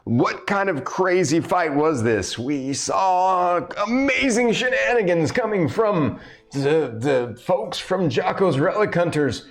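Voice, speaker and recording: A man voicing an excitable male arena announcer in a tabletop game, exclaiming question after question. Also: high-pitched, takes it slowly, pitched above the performer's own voice, heavily acted. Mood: excited. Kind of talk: tabletop game role-play.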